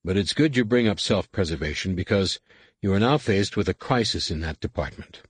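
A man's voice: sits low, expressive, brisk, husky, no echo. A man voicing a confident, wry male starship captain in an audiobook, giving orders with dry humor. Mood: commanding.

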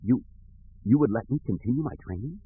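A man reading an audiobook, voicing a frightened, penitent young male apprentice who speaks hoarsely and haltingly in a soft voice. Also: medium pitch, expressive, pitched above the performer's own voice. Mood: timid. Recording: tinny phone-like audio.

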